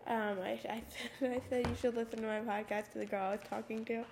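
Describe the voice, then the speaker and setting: A teenage girl hosting her own podcast, raspy with a slight lisp on her s sounds, rambling casually with lots of "like" fillers into a USB microphone. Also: a little high, little pitch movement, fast talker, noisy background. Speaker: podcast host. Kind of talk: casual solo podcast talk. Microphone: USB microphone at a computer.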